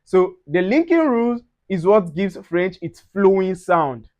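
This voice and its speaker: A man teaching French pronunciation in an online lesson, slow and deliberate, repeating each example word. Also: high-pitched, very animated, a little mellow.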